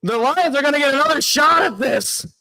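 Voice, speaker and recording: A young man hosting a sports show, calling a live game play by play as a fan and reacting loudly, often shouting in disbelief. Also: very high-pitched, a little fast. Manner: excitable, shouting and anguished at big plays. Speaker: sports podcast host.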